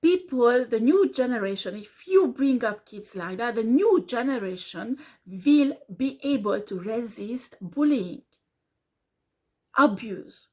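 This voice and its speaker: A woman gives a casual tarot reading. Her voice sits fairly high, and she takes her time, speaking slowly and earnestly and repeating her points. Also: animated. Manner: earnest, repeats herself, slips into French words. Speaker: tarot reader.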